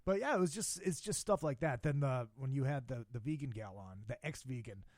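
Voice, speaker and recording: A man's voice: medium pitch, brisk, darkish tone, no echo, clean studio sound. A man from Minnesota with a slight Minnesota accent, hosting a podcast in an easygoing, agreeable way. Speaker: podcast host. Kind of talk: casual podcast chat.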